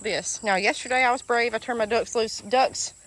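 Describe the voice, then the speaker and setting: Strolling outdoors through her garden, a homestead vlogger with an Alabama Southern accent chats emotionally to her viewers in a casual walking-tour vlog. Her voice is a little high and fairly bright, at a moderate pace. Chickens, ducks and outdoor ambience fill the background.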